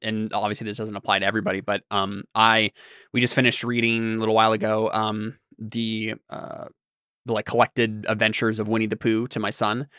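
A man's voice: fairly low pitch, completely flat delivery, a little fast, bright, forceful tone, smooth, no echo, clean studio sound. A man in casual podcast chat, explaining ideas thoughtfully with frequent ums and restarts. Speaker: podcast guest.

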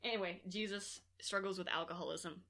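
Bright, teasing young woman co-host. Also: lowish voice, steady tone, fairly quick. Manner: jokey, teasing, playful asides. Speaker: podcast co-host. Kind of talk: casual chat.

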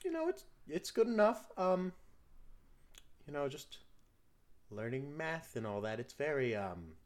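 A man's voice: on the high side, very animated, unhurried, pitched above the performer's own voice. A man voicing a hesitant twelve-year-old girl who fills her talk with ums. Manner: hesitant, fidgety, full of ums.

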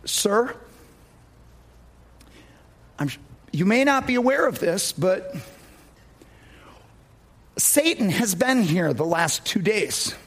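A man voicing a weary, exhausted man in a sermon story. He pleads haltingly and stumbles over his words. His voice rides high and lively. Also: husky, full character voice. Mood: pleading.

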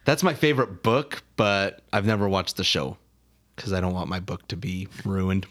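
A man co-hosting a podcast in casual chat, lively and quick to push his voice up when he argues or gets excited. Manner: animated, jumps pitch up when excited or arguing. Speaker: podcast co-host.

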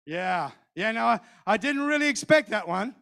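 A middle-aged man preaching a sermon, telling a personal story in an animated way, acting out what others said and repeating phrases. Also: high-pitched, normal speed, vocal fry.

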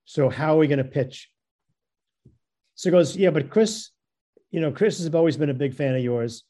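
A man's voice: fairly high pitch, normal speed, warm tone. Stammering man telling a story. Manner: stammering, repeats words, acts out quoted voices. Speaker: guest storyteller. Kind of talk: casual anecdote telling.

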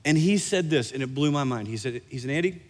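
Pastor preaching in a reverberant hall. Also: male voice, mid-range voice. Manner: storytelling, animated, slows for emphasis. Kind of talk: sermon.

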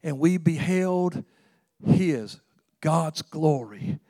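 Preaching pastor with a higher voice. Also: male voice, animated, very slow, dry recording, clean studio sound. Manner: swings from hushed talk to loud exclamations, repeats words. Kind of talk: sermon.

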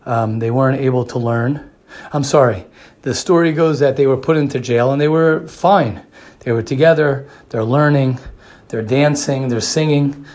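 A man's voice: medium pitch, normal speed, a little mellow. A man giving a sermon who repeats phrases for emphasis and often restarts his sentences. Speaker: religious speaker.

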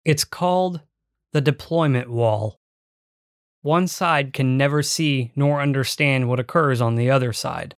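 A man giving measured, reflective first-person audiobook narration. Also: mid-range voice, no room sound, studio quality.

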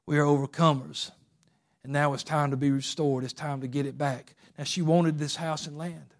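A man preaching a sermon, moving between quiet, close talk and loud, fervent exhortation. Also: on the high side, flat delivery, normal speed.

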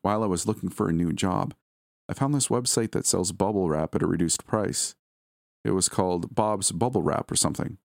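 Brief: man doing a meek husband, low voice, hesitant and defensive, dry sound. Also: brisk, creaky, darkish tone, no echo. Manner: stammering, defensive. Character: awkward quirky young husband, meek.

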